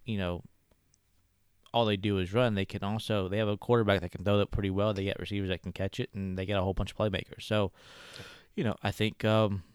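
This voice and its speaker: A man's voice: on the low side, flat delivery, fast, smooth, no echo, clean studio sound. A man co-hosting a casual sports podcast, talking in an easygoing, explanatory way. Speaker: podcast co-host.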